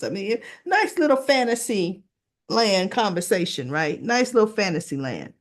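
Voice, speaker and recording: A woman casually recapping soap opera episodes, chatty and animated, briefly mimicking characters and sometimes searching for words. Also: mid-range voice, moderate pace. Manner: searches for words with restarts and fillers.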